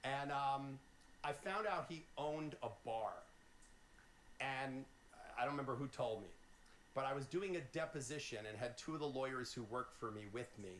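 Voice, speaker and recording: Male guest, 50s, lively anecdote teller, echoey room. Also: mid-range voice, moderate pace. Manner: animated, swears freely, lively quoted voices. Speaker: guest, lawyer. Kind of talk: casual storytelling. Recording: roomy echo, faint noise.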